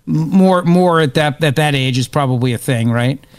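A man hosting a radio talk show, joking around with his co-hosts in an animated way and laughing often. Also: a little high, moderate pace, clear, resonant tone, dry recording. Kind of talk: casual radio banter.

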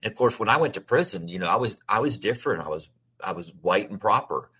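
A middle-aged man speaks as an interview guest in a low, husky voice with a bright, forceful edge. He tells his own story earnestly and keeps restarting and repeating his phrases as he goes. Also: expressive, quick pace. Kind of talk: personal testimony in a conversational interview.

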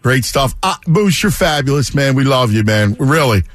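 Animated, excitable sports radio host man. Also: normal speed, no echo. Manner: effusive, excitable, jumps in pitch.

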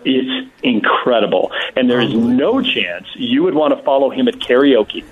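A man calling in to a radio show, telling a story in an animated, laughing way. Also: mid-range voice, moderate pace. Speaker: radio show guest on phone. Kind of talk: casual storytelling. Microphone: phone. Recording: tinny phone line.

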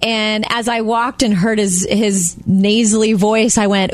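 A woman's voice: medium pitch, steady tone, normal speed, few pauses, no echo. A woman co-hosting a casual chat, telling stories in a chatty, easygoing way and laughing often. Her voice is recorded close and dry, with faint music playing underneath. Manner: chatty storyteller, laughs easily. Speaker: radio co-host.

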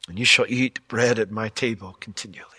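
A man preaching a sermon as pastor, telling the story with jokes and lively asides. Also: lowish voice, fairly quick, slightly rough, dry recording. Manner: animated, joking storyteller.

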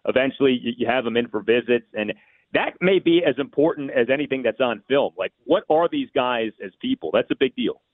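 A man giving measured, opinionated analysis on sports radio, thinking aloud with small restarts. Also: mid-range voice, animated, no room sound. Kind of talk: call-in sports radio talk. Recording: tinny phone line.

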